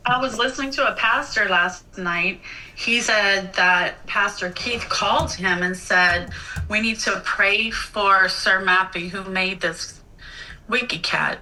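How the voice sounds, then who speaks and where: Bright earnest woman, off-mic. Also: medium pitch, fairly even intonation, measured pace, far from the mic, slight background noise, rough recording. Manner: earnest, rambling. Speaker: caller on a live show.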